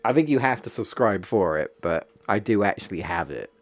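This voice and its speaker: A man's voice: on the low side, expressive, normal speed, faint music behind. A young man streaming a video game, ranting casually with lots of swearing and exasperated jokes. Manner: profane, exasperated, jokey rants. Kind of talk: casual gaming stream commentary.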